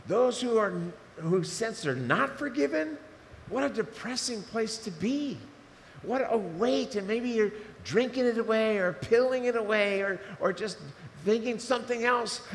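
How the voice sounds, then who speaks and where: A man preaching a sermon, animated and emotional, swinging between loud fervor and hushed asides. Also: extremely high pitch, a little slow. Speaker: pastor. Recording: reverberant hall with faint noise.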